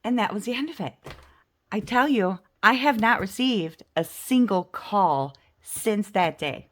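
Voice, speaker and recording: A woman vlogging at home, telling a self-mocking story in a chatty, animated way while playing a game. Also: mid-range voice, a little slow. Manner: chatty, self-mocking, animated storyteller who acts out the other people's lines. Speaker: budget and game-night vlogger.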